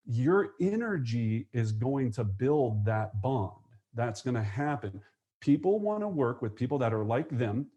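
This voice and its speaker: Running a live webinar on real estate, an energetic man in the mid range plays out sales calls by switching into rapid character voices.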